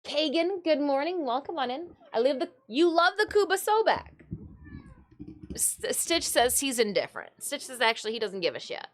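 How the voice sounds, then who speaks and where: Chatty woman streamer, slightly high voice. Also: big pitch swings, moderate pace. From Michigan. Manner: chatty, greets viewers, talks to her cats. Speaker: live streamer. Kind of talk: casual live-stream chat.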